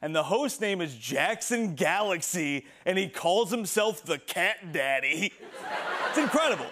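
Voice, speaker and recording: A man's voice: high voice, expressive, a little slow, fairly bright tone, slight background noise. A young man performing a stand-up comedy set on a TV studio stage, with a dry, offhand punchline delivery. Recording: stage mic with live audience. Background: audience laughter.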